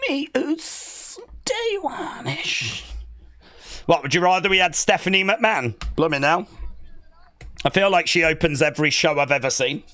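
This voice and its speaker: A host reacting live and excitedly during a stream, chatting, shouting and laughing between remarks. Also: medium pitch, a little fast.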